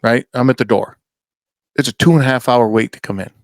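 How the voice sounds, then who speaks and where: A man's voice: mid-range voice, brisk, no room sound, studio quality. A man hosting a podcast, telling rambling, profane stories in casual chat and acting out the people he quotes. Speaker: podcast host.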